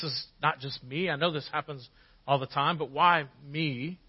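A man in his forties preaching a sermon as a pastor, telling personal stories and acting out quotes with lively shifts. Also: on the high side, normal speed, husky, highs cut off. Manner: storytelling with lively acted quotes.

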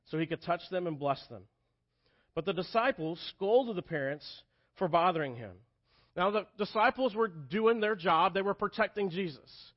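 A man in his thirties preaching a sermon as pastor, telling the story earnestly and dropping soft and quiet for tender moments. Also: sits high, expressive, normal speed, lo-fi sound. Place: church sanctuary.

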